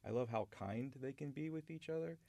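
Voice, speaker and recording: A man's voice: mid-range voice, fairly quick, dark tone, dry recording. A man hosting a podcast, talking through a film he loves in a rambling, enthusiastic way with many restarts. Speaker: podcast host. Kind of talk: casual film discussion.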